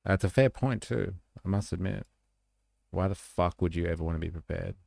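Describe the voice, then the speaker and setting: A man's voice: low voice, moderate pace, creaky, darkish tone, no room sound, studio quality. An Australian man hosting a livestream, rambling casually and swearing as he reacts to news. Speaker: livestream host. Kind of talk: casual commentary stream.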